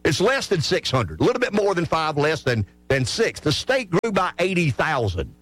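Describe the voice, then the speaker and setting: A man, hosting a talk radio show and making his point with animated restarts and repeated words. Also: fairly high pitch, normal speed, slightly rough, faint music behind. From South Carolina. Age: 60s.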